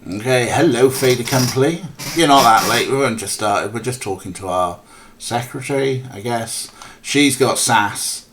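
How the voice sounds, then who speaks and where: A man's voice: medium pitch, moderate pace, a bit bright, slight background noise. A man casually commentating a game stream, rambling and mocking, with lots of ums and swearing. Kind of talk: casual let's play commentary.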